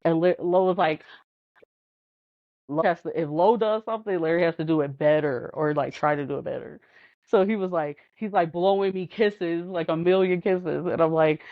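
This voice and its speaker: A woman chats on a podcast in an animated, storytelling way, slipping into the voices of the people she quotes and laughing between lines. The recording is dull and lo-fi, close and dry with no room sound. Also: fairly low pitch, dry recording. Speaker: podcast guest. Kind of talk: casual storytelling chat.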